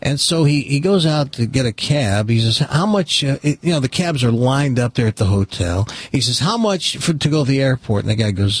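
A man's voice: medium pitch, brisk, few pauses, husky, dry recording. A man hosting a radio talk show, chatting casually and telling a long joke, acting out the characters. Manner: animated storyteller, voices characters in a joke.

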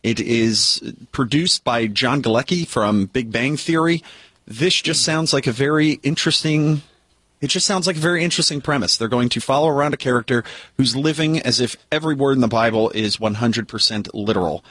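A man's voice: medium pitch, a little fast, fairly bright tone, breathy edge, dry recording. A man delivering an entertainment news segment on a radio show in a chatty, upbeat manner with asides.

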